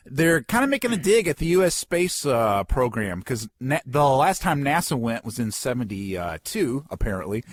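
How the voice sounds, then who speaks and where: A man's voice: on the high side, no echo. Guy cohosting a goofy podcast, bouncy up and down voice, cracks himself up. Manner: joking, laughs at his own bits. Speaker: podcast co-host. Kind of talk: casual comedy podcast chat.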